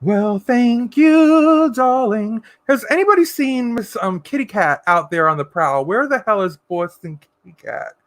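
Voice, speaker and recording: A man hosting a casual livestream, reading viewer comments aloud and answering in a sassy, campy way with drawn-out endearments. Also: sits high, sing-song, bright, forceful tone, no echo. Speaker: livestream host.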